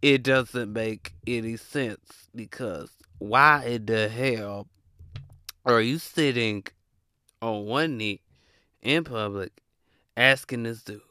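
A man ranting in a blunt, animated, slang-heavy monologue as podcast host, laughing often. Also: medium pitch, takes it slowly, smooth, dry recording, clean studio sound.

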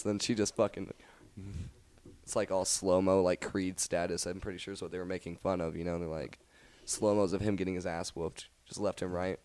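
A young man co-hosting a podcast, telling rowdy party and fight stories in a casual, profane, animated way. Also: deep voice, a little fast, no room sound. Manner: profane, animated storytelling with acted quotes. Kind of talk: casual storytelling chat.

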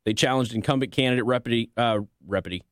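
A political commentary show host reads news articles aloud, breaking in with sarcastic, combative asides between passages. His voice is medium-pitched and fast, recorded cleanly in a studio with no echo.

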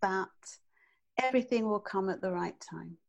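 A woman, a podcast guest who answers slowly and thoughtfully, with hesitations. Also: medium pitch, vocal fry, dull audio. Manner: slow, thoughtful, hesitant, laughs easily.

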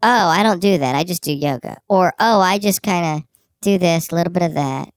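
A woman with a lowish voice chats casually on a podcast. She is wry and pokes fun at herself. Her voice is close to a dry mic. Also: brisk, no room sound. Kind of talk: casual chat.

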